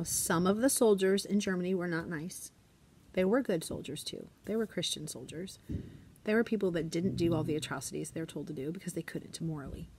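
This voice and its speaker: A woman in her forties, a teacher, chatting casually in a classroom vlog and often dropping to a hushed whisper. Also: lowish voice, a little hiss or hum.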